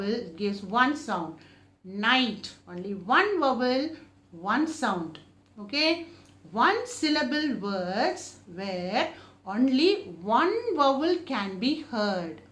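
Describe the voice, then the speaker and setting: Slow, lively woman teacher in an echoey room. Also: high voice. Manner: slow, drawn-out modelling of each word, often repeated; asks the class questions and answers them herself. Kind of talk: recorded English lesson for children.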